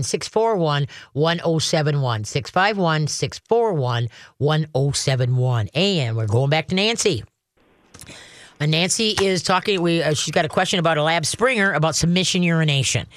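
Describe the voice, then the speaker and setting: A man's voice: a little high, normal speed, fairly bright tone, dry recording. A man hosting a call-in radio show about dogs. He talks in a folksy, rambling way, full of restarts and fillers. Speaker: radio call-in host giving dog training advice. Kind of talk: casual call-in radio chat. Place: radio studio. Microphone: studio microphone.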